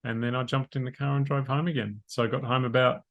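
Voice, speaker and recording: A man co-hosting a running podcast in casual chat, relaxed and dry-humoured. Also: medium pitch, fast talker, muffled recording. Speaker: podcast co-host, runner.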